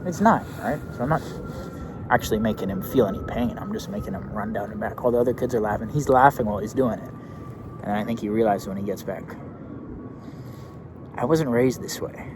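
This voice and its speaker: A man's voice: fairly low pitch, lively intonation, fast talker, noisy background. A young man, a youth basketball coach, telling a story in a brash, profane, swaggering way. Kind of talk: casual storytelling rant.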